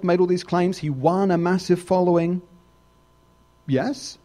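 A man delivers a sermon with emphatic, animated phrasing. His voice sits high for a man. His pitch rises and falls a great deal from line to line. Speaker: preacher.

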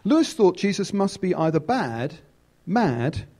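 A man delivers a sermon with emphatic, animated phrasing. His voice sits high for a man. His pitch rises and falls a great deal from line to line. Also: unhurried. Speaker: preacher.

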